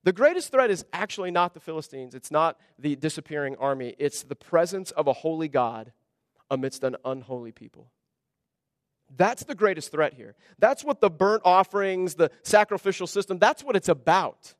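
A man preaching a sermon as pastor, earnest, with hushed asides and pressing emphasis. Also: fairly high pitch, animated, normal speed, no room sound, studio quality.

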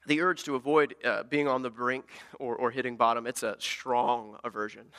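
A man preaching a sermon as a pastor, animated and swinging between loud emphatic peaks and quiet asides. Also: mid-range voice, normal speed. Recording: long hall reverb.

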